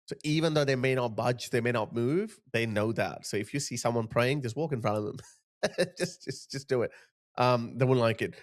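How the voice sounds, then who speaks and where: A man in his thirties hosting a reaction commentary, talking in a mocking way and putting on the voices of the people he describes. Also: mid-range voice. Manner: mocking, puts on voices of others. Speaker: commentary host.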